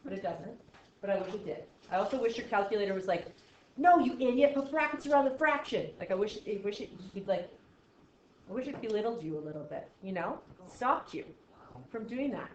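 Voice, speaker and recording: A woman's voice: medium pitch, a little fast, slight background noise. A woman teaching a math class in a classroom, playful and jokey, with exaggerated asides. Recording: echoey classroom, dull lo-fi sound.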